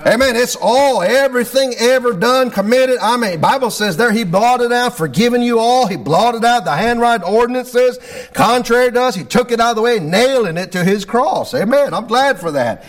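A man with a high voice delivers a fervent sermon. He leans into his prayers and punctuates nearly every thought with "amen." His delivery rises and falls with the energy of a revival preacher. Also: animated, normal speed. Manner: fervent preaching with repeated amens. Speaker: pastor.

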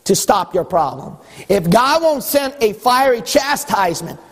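A man preaching a sermon as pastor, exhorting with wry rhetorical questions and a husky voice. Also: high-pitched, lively intonation, a little slow. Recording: long hall reverb.

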